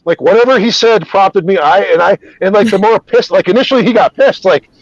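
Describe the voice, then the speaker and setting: A man talks on a podcast in a loose, rambling way, stopping and restarting his sentences and swearing freely. His voice sits a bit high for a man. The recording is dry and a little dull and lo-fi. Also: brisk, dry recording. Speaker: podcast host. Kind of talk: casual conversation, personal storytelling.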